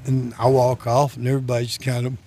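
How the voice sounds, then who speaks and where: A man's voice: mid-range voice, completely flat delivery, fast, warm tone. A man telling folksy, self-deprecating stories in casual conversation, chuckling between lines. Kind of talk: casual anecdotal storytelling.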